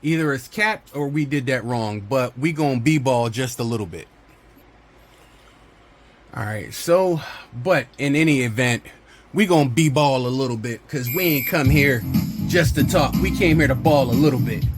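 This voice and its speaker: A man's voice: medium pitch, moderate pace, over music. A man hosting his gaming channel, chatting casually in slang and cheering himself on while he plays. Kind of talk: casual gameplay commentary.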